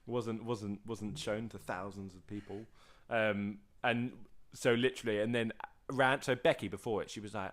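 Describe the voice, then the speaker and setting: A man co-hosting a podcast, telling stories in a rambling, excitable way full of fillers and restarts. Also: lowish voice, normal speed. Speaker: podcast co-host. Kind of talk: casual storytelling chat. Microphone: podcast mic.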